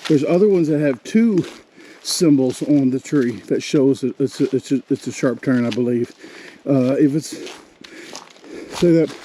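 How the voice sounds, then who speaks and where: A man talks into his handheld camera as he hikes, out of breath and rambling, often correcting himself in a folksy way. His voice is mellow and dark. A faint hiss of noise sits under it. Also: mid-range voice, a little slow. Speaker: outdoor vlogger. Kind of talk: casual hiking vlog talk. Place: forest hiking trail outdoors.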